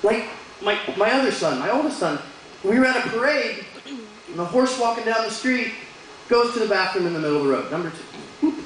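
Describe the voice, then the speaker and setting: A man's voice: sits high, lively intonation, fairly quick, fairly bright tone, slight background noise. A man doing a stand-up comedy set in a bar, telling joking stories about his kids and putting on funny voices for them. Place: bar stage. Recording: very echoey bar room with crowd ambience.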